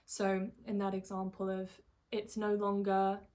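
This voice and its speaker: Here a woman coaches listeners on life in a steady, contemplative monologue. Her pitch sits in the middle, and she softens and slows to stress what matters.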